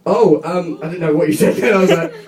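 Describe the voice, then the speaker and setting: A man's voice: on the high side, fast talker. A young British man, a guest singer, chatting and joking through a casual fan Q&A in a radio studio. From Britain. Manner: chatty, giggly, jokey. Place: radio studio room with a live audience. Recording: echoey room, distant mic, crowd noise.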